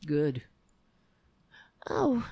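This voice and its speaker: A woman's voice: sits low, wildly swooping pitch, extremely slow, creaky, mellow, husky, no echo. A woman hosting a livestream, talking casually about politics in a blunt, profane and sarcastic way. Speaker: livestream host.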